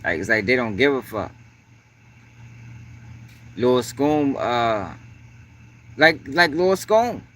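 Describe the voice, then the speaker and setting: A livestream host with a medium-pitched, slightly bright voice speaks slowly, pausing often, with big swings in pitch. He's casual and profane, drops "yo" constantly, and greets people in chat between points.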